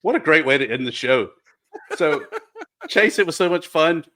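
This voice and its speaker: Bright-voiced male podcast host. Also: a little high, very animated, moderate pace. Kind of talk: casual podcast chat.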